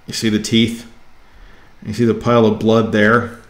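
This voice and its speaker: A man casually reviewing his weekly comic haul, enthusiastic and excitable. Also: lowish voice, moderate pace, reverberant.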